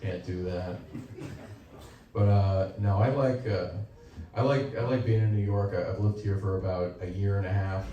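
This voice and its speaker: A young man doing a stand-up comedy set on stage, animated and slipping into quoted voices for his punchlines, with the audience laughing. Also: sits low, moderate pace, lo-fi sound, slight background noise. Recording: loud audience laughter, echoey club heard from far.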